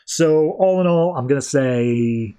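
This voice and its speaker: A man's voice: medium pitch, a little slow, dark tone, smooth. Laid-back man rambling a comic recap. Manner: rambling, loose, quotes characters offhandedly with "like". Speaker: podcast host. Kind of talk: casual comic book recap and review.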